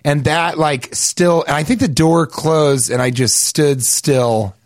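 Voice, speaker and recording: A man telling a wild anecdote in casual chat, stammering and restarting, swearing freely and growing louder as the story builds. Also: slow pace. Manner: animated, stammering restarts, gets louder and higher as the story peaks.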